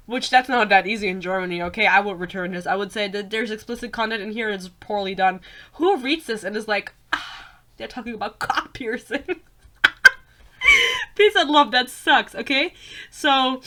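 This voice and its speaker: A young woman hosting a book podcast, ranting casually with swearing and laughter, a little sick and slightly hoarse. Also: a little high, sharp tone. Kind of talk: casual rant. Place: Germany.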